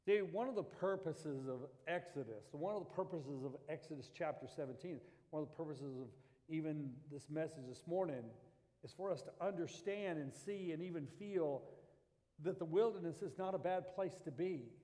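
A man's voice: on the high side, normal speed, mellow, in a large hall. A man preaching a Sunday sermon, reading scripture and rising to impassioned pleas. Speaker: pastor.

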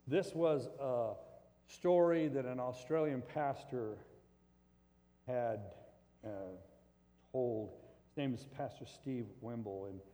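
A man preaching a sermon, swinging between loud emphatic stretches and quiet, low scripture reading. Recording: long reverb of a large hall.

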